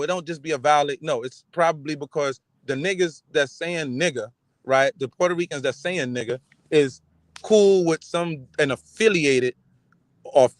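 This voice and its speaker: New York man hosting a casual livestream, streetwise and emphatic, higher pitch, dry mic. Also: no echo, low-quality recording. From the Bronx, New York. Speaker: livestream host reading chat.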